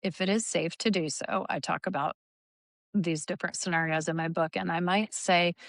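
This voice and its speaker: Low-pitched woman therapist, dry close sound. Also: moderate pace, dry recording. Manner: animated, acts out hypothetical angry lines. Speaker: therapist guest. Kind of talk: conversational interview.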